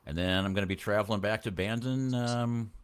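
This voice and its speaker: A man who is a guest on a talk show, talking in a dry, sarcastic, deadpan way. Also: fairly low pitch, brisk, clean tone. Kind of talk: casual talk show banter.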